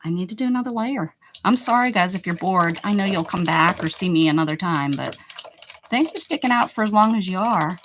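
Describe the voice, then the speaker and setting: A woman's voice: fairly low pitch, lively intonation, a little fast, a bit bright, a little hiss or hum. A woman chatting playfully with her viewers during a casual live stream as she works on an art journal page. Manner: chatty, talks to viewers in chat while working; playful, exclaims and jokes. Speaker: livestreaming art journal creator. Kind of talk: casual live-stream chat while crafting.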